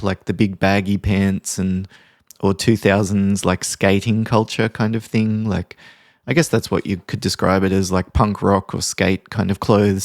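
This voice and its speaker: A man's voice: on the low side, darkish tone, no room sound, clean studio sound. A man hosting a podcast as a mediator, telling a workplace story casually and wryly, with frequent asides. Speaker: podcast host and professional mediator. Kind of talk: reflective storytelling monologue.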